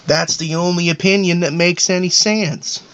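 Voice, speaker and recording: A man's voice: high voice, fairly even intonation, normal speed, noisy background, natural voice. A man voicing a paranoid, boastful middle-aged cartoon dad in a rambling, self-important comedic monologue. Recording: dull lo-fi audio.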